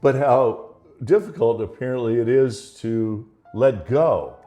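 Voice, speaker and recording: A man's voice: mid-range voice, takes it slowly, warm tone, lo-fi sound, faint music behind. A man telling stories in a casual conversation, laughing often and acting out the voices in his anecdotes.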